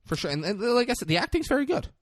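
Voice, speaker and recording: A man's voice: very high-pitched, dry recording, clean studio sound. A man co-hosting a podcast, casually and profanely recapping a film scene by scene. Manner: profane, animated retelling with quick quoted lines. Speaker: podcast co-host.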